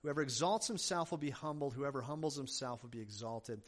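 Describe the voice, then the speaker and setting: A man's voice: medium pitch, a little fast. A man preaching a sermon as pastor, building emphasis through repeated phrases and slipping into conversational asides.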